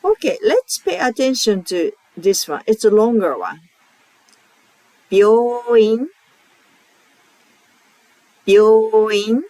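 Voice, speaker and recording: A woman with a Japanese accent teaching pronunciation, repeating each example word slowly and carefully. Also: mid-range voice, wildly swooping pitch, darkish tone, dry recording, poor audio. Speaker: language teacher. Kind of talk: slow, clear pronunciation lesson.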